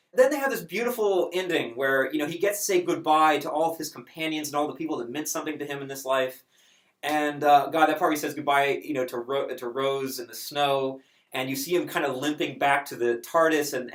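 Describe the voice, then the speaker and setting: A man chatting casually as a reviewer, animated and emotional, with many fillers. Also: on the high side, a little fast, reverberant.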